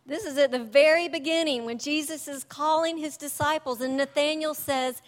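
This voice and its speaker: A woman teaching a sermon, chatty and animated, laughing often between points. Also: high-pitched, normal speed, few pauses. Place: church hall. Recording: long church reverb.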